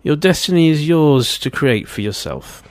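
A man's voice: fairly high pitch, lively intonation, moderate pace, a little mellow, no echo. Wry man hosting radio. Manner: chatty and wry, teasing asides. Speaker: radio show host. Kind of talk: casual radio DJ patter.

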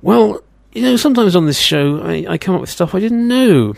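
A man's voice: sits high, sing-song, fairly quick, vocal fry, no echo. Wry man hosting radio. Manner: chatty and wry, teasing asides. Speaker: radio show host. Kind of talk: casual radio DJ patter.

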